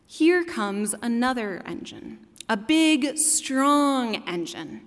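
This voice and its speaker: A relentlessly optimistic little toy clown from a storybook, high and eager, as a woman puts him on. A long hall reverb lingers around the voice. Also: animated, takes it slowly.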